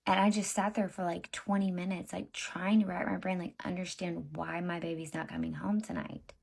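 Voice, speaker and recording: A woman's voice: fairly low pitch, little pitch movement, moderate pace, gravelly, darkish tone. A woman in her thirties telling her own story to viewers in a blunt, profane, exasperated way, talking straight to them. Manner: addresses viewers directly as y'all. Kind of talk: casual storytime monologue.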